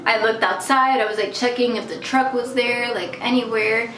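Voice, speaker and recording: A woman telling a casual storytime vlog, chatty and animated, swearing freely and saying "like" a lot. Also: fairly high pitch, normal speed, hardly any pauses, slight background noise. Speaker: vlogger. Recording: echoey room, mic at a distance.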